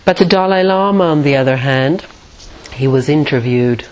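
A woman meditation teacher giving a spiritual talk in a measured, reflective way, pausing often. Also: low voice, darkish tone, poor audio. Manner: measured and reflective, with many pauses.

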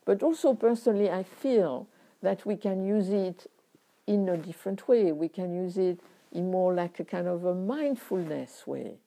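A middle-aged woman teaching meditation, reflective and unhurried, speaking in short phrases with frequent pauses. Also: lowish voice, vocal fry, dark tone.

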